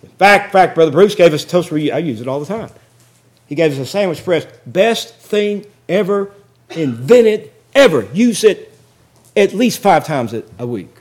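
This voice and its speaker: A man preaching a sermon in a folksy, joking storytelling way that builds into loud excitement. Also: sits high, a little slow, pauses often. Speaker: pastor.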